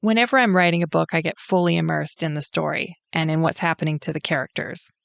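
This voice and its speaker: A woman's voice: low-pitched, fairly even intonation, quick pace, vocal fry, no room sound. A woman author with a Canadian accent reading her own author's note with friendly, self-deprecating humor. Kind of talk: author's note, read aloud.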